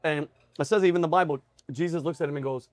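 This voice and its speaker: Animated joke-telling man, fairly high voice. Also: fast talker, dry recording. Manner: animated storyteller, breaks into laughter. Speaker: comedy show host. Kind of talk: casual chat, telling jokes. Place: diner.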